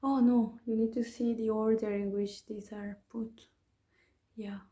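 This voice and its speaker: A woman's voice: a little high, level tone, a little slow, dark tone, reverberant. A woman, chatting her way through a home cooking tutorial with rambling asides and restarts. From Peru. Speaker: home cook vlogger. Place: home kitchen.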